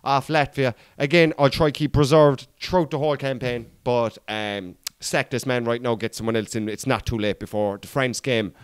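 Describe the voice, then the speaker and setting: A man's voice: mid-range voice, steady tone, moderate pace, hardly any pauses, clear, resonant tone, dry recording, clean studio sound. A man in his thirties with an Irish accent, co-hosting a podcast in rambling, swearing casual banter. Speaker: podcast co-host.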